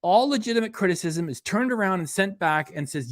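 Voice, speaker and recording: A man's voice: sits high, lively intonation, brisk, hardly any pauses, no echo, clean studio sound. A man hosting a reaction channel, scolding a streamer in an angry, profane rant. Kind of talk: angry commentary on a livestream.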